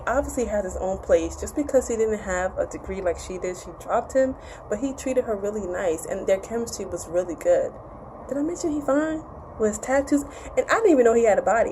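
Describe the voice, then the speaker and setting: A woman's voice: mid-range voice, warm tone, a little hiss or hum, rough recording. A woman giving a casual, candid TV episode recap, chatty and profane, with playful acted quotes. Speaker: TV show reviewer.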